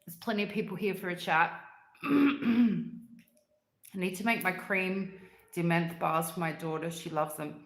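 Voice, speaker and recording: A woman's voice: lowish voice, unhurried, echoey room. A congested woman hosting a casual livestream, chatting with viewers and gushing about sweets with lots of "like" fillers. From Australia. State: congested, clearing throat often. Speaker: livestream host. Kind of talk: casual chat with live chat viewers.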